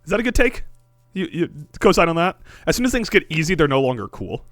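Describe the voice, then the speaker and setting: A man's voice: on the high side, sing-song, fast talker, a bit bright, no room sound. A man co-hosting a sports podcast in casual chat, wry and riffing, with casual swearing. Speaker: podcast co-host.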